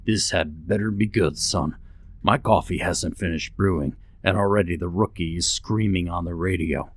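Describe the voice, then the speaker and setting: A man voicing a grumpy, gruff older ranger boss on a radio in a horror story. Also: low voice, moderate pace, dry recording.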